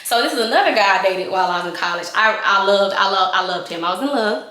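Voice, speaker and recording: Animated young woman telling a storytime. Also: medium pitch, quick pace, echoey room. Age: young adult. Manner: animated, reenacting scenes with voices and gestures; chatty and candid, addressing viewers directly. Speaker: vlogger. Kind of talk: casual storytime vlog.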